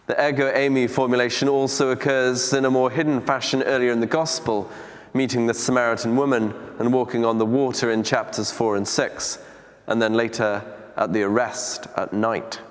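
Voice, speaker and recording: A man preaching a teaching talk on scripture in a church, speaking in a measured, deliberate way with reflective pauses. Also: mid-range voice. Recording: long church reverb.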